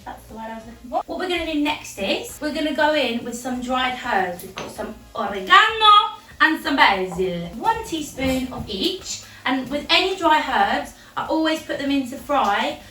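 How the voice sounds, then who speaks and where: A woman's voice: high-pitched, sing-song, normal speed, sharp tone, roomy sound, far from the mic. An English woman hosting a casual home cooking video, chatty and jokey, talking through each step in her kitchen. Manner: chatty, jokey, breaks into silly singing.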